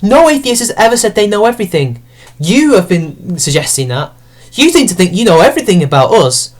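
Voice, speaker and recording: A man's voice: a little high, big pitch swings, fairly quick. A man giving a sarcastic, profane rant as an online commentator picking apart an article.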